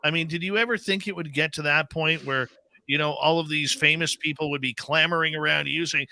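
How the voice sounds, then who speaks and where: A man's voice: a little high, fairly even intonation, a little fast, vocal fry, pushed and bright, no room sound. A man hosting a radio show who asks his guest questions in a playful, admiring way. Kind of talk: interview questions.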